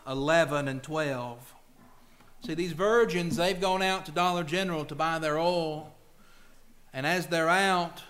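A male preacher delivering a sermon, reading scripture and acting out pleading voices. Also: a little high. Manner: animated, acts out pleading voices and quotes scripture.

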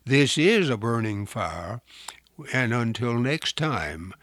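A man preaching a radio Bible lesson in a slow, earnest, deliberate way. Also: medium pitch, sing-song, a bit bright, no room sound. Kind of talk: sermon.

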